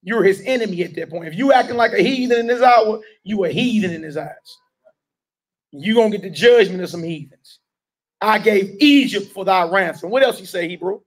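High-voiced man preaching emphatically. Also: expressive, fairly quick. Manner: emphatic, urging the listeners directly. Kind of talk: street-style sermon with call and response.

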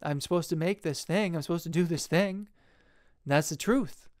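A young man, an independent filmmaker, talking in a jumpy, self-deprecating ramble, laughing often and jumping suddenly into a high squeak. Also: moderate pace, a little mellow.

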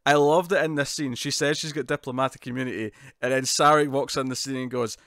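A man's voice: medium pitch, fairly even intonation, quick pace, a bit bright, dry recording, studio quality. A man co-hosting a casual podcast review, talking with lots of laughs and repeated words. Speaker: podcast co-host.

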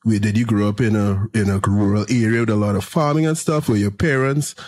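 A man hosting a casual interview podcast, asking chatty questions in a relaxed way and laughing easily. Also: on the low side, fairly quick, husky. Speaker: podcast host.

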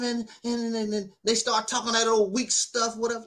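A man's voice: very high-pitched, level tone, moderate pace, hardly any pauses, a bit bright. A man speaking in an emotional personal monologue, tearful and heated, with a preacher-like cadence. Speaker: online commentator.

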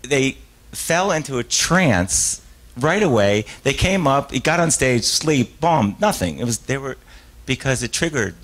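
Captured in a rough recording, a man with a medium-pitched, animated, somewhat bright voice speaks unhurriedly and with few pauses at a live author talk, answering audience questions. A stage hypnotist, he rambles through stories, cuts himself off and restarts, laughs frequently, and performs character voices.

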